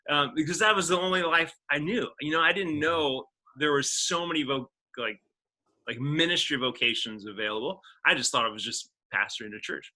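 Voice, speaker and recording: A man in his forties, a guest actor, telling his life story in a casual interview, earnest and animated with frequent laughs and restarts. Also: medium pitch, fairly quick, rough recording. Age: 40s.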